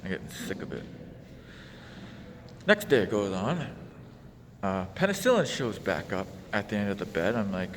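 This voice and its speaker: A man's voice: on the low side, expressive, moderate pace, long pauses, big-room sound, a little hiss or hum. A man telling an exasperated, casual story in his vlog. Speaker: vlogger.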